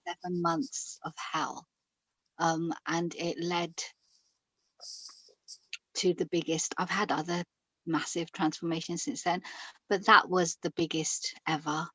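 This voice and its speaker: A woman with a London accent, a coach and podcast guest, talking hesitantly and softly. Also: fairly low pitch, little pitch movement, unhurried, pauses often, breathy edge, no room sound. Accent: London English. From Britain. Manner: hesitant, with fillers, then quiet and soft when recounting pain. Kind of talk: podcast interview.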